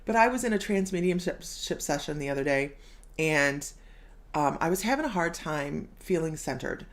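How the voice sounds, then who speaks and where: A woman's voice: deep voice, lively intonation, normal speed. A middle-aged woman hosting a casual live stream as a psychic medium, bubbly, laughing often and reading viewer comments aloud.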